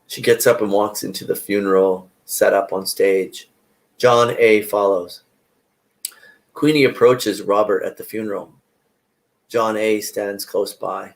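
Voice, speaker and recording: A playwright reads out the stage directions of his own play in a slow, unhurried way. His low voice stays plain and matter-of-fact. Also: steady tone, rough recording.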